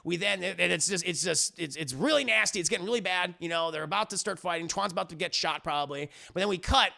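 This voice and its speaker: A man's voice: high-pitched, quick pace, creaky, bright, forceful tone. A man recapping a music series for his live chat in a casual, profane, rambling way, acting out the characters' lines as he goes. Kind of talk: animated casual recap with acted-out quotes.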